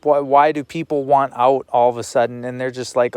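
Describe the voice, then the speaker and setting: A man's voice: mid-range voice, flat delivery, fairly quick, a little mellow, clean tone, dry recording. A man talking to the camera in a rambling personal monologue, repeating words and swearing now and then.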